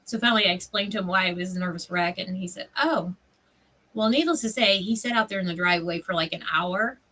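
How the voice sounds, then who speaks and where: A woman, hosting a craft livestream and telling stories in an animated way, laughing often. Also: on the low side, fast, recorded from a distance, poor audio. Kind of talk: casual chat while crafting.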